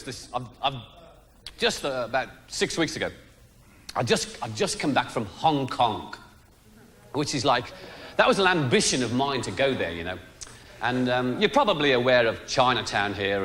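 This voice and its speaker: A man's voice: mid-range voice, very animated, normal speed, fairly bright tone. A man telling a rambling travel anecdote, restarting his sentences often. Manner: chatty, stumbling restarts.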